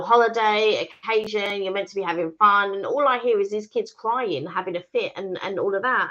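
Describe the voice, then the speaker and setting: A woman co-hosting a casual live-stream chat, telling stories animatedly and acting out what people said. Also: mid-range voice. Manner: animated storyteller, acts out quoted speech. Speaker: vlog co-host. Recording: dull lo-fi stream audio.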